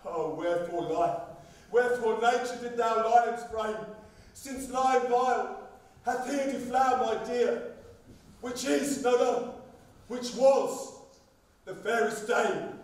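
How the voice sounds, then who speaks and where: An actor playing an overblown, lovesick stage hero on a theatre stage, declaiming in mock-tragic style. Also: male voice, very high-pitched, slow, long pauses. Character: Pyramus, a lovesick young hero played by a clumsy craftsman. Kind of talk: amateur stage acting. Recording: echoey hall from far off.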